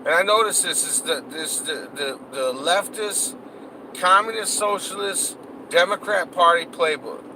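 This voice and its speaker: A man's voice: high voice, unhurried, noisy background. A man delivering a heated, profanity-laced rant, cursing and repeating himself as he vents. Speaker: political vlogger.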